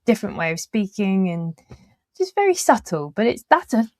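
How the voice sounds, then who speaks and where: Her pitch swings widely around a medium level, with a darkish tone and a moderate pace, and no room sound. Hosting a relaxed podcast interview, she laughs readily and lets her filler-heavy sentences wander and trail away.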